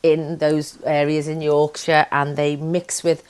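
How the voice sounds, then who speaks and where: An actress, a guest speaking candidly in a casual interview with lively restarts. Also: female voice, sits low, measured pace, clean tone. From Liverpool, England.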